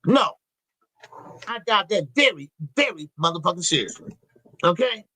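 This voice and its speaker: A man with a high, slangy voice hosts a live boxing talk stream, chatting loosely and repeating himself as he reads viewer messages. The sound is dry and close, with no room around it. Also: sing-song, moderate pace, pushed and bright, breathy edge, dry recording, poor audio. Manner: loose, repetitive, slangy, profane. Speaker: boxing show host.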